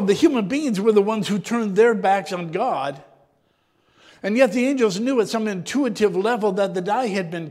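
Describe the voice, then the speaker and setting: High-voiced man preaching in a reverberant hall. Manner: reflective, often clears his throat, voice dropping low and soft at times. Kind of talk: sermon with scripture reading.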